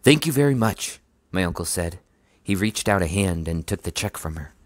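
A man's voice: moderate pace, no room sound, studio quality. A man reading a children's book aloud, narrating and lifting his voice for the characters' lines. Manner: lively, raises pitch for dialogue. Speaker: audiobook reader.

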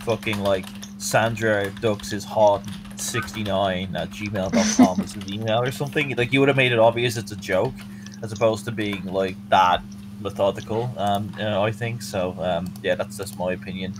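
A man's voice: on the low side, normal speed. A man co-commentating a race, rambling with lots of fillers and swearing. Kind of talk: casual chat on a race stream. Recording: steady hum under the voice chat.

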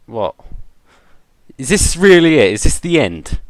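A man's voice: mid-range voice, very animated, normal speed, no room sound. A young man commenting on a horror game he is playing. He jokes, swears and yelps when he gets scared. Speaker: gamer. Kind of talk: let's play commentary.

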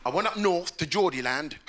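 A man doing an animated stand-up comedy routine on a theatre stage. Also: very noisy. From England. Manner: animated, jumps into high voices for characters. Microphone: stage mic. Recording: live theatre with loud crowd. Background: loud laughing audience.

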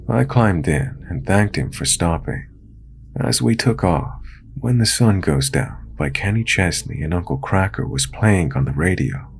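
A man with a very deep, gravelly voice narrates a true horror story in calm, measured tones. A faint hiss of background noise sits beneath the reading.

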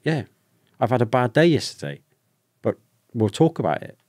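A British ex-soldier, a man, telling a personal story candidly with halting restarts as a podcast guest. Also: medium pitch, sing-song, darkish tone, no room sound, studio quality. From United Kingdom. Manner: open, emotional, halting with restarts.

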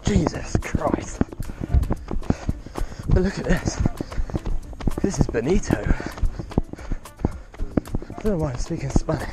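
Young male travel vlogger, breathless and excitable, swears freely, phone mic with clear wind and outdoor noise. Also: on the high side, takes it slowly, long pauses. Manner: excitable, swears often, talks to camera. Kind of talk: casual vlog while running outdoors. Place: outdoors on rocky coast and beach. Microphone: phone held while moving.

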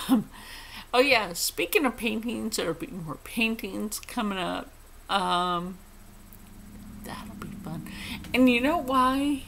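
A woman's voice: mid-range voice, creaky, sharp tone. A woman vlogger chatting casually to her viewers, blunt and opinionated, swearing freely. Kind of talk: casual chat to camera.

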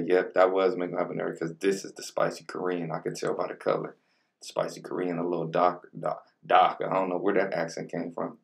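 A young man rambles in relaxed slang through a mukbang-style food vlog. His voice sits very low with a heavy gravelly rasp, and he is heard from a little away from the mic. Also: recorded from a distance. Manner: laid-back slang-heavy chatter between bites. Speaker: mukbang vlogger. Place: home room with colored lighting.

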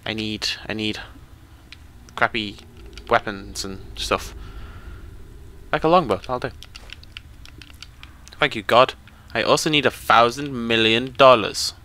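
A man's voice: mid-range voice, slow, long pauses, bright, forceful tone, slight background noise. A young British man giving chatty, joking live commentary over a game he is playing. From Britain. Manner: chatty, joking, talks to the viewers. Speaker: let's play commentator.

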